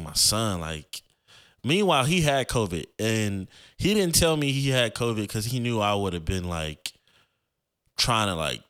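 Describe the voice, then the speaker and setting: A young man hosting a podcast tells a personal story, loose and rambling, full of slang and fillers. His voice sits fairly low and comes through smooth and resonant. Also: fairly bright tone. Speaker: podcast host.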